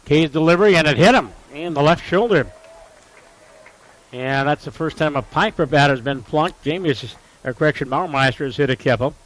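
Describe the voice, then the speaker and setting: A man calling a college baseball game play-by-play, with a voice that sits a little higher than most. He runs through counts, lineups and sponsor reads in a steady, informative way. When the big plays come, his voice jumps up with excitement. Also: normal speed, rough recording. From Upper Midwest US. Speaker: play-by-play announcer.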